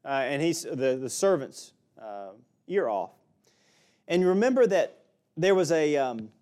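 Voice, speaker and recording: A man's voice: fairly high pitch, darkish tone. A man with an Alabama accent, preaching a sermon and teaching through a Bible passage in a folksy way with small jokes. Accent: Southern US (Alabama).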